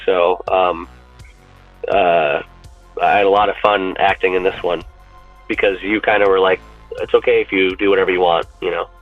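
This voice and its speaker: A man's voice: low-pitched, moderate pace, long pauses, dry recording, faint music behind. Man on a tinny phone-like line. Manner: rambling and animated, swears freely, many restarts. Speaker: podcast guest and fan-film actor. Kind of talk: casual chat.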